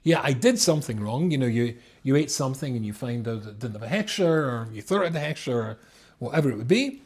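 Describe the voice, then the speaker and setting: A man's voice: mid-range voice, quick pace, slightly rough. A man, a rabbi, teaching a text class to a live audience, reading Hebrew lines and explaining them. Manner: lively, reads Hebrew text then explains it. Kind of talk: animated Torah class.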